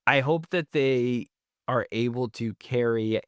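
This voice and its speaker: A man's voice: medium pitch, slow, a bit bright, smooth, no echo, clean studio sound. A man co-hosting a casual review podcast, easygoing and jokey with candid opinions. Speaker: podcast co-host.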